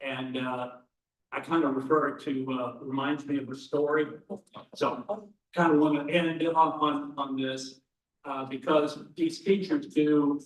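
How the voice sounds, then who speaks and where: A man telling a folksy joke to close a club banquet, with hesitant ums along the way. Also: mid-range voice. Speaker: club member closing an event. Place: event hall. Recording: roomy hall, distant mic.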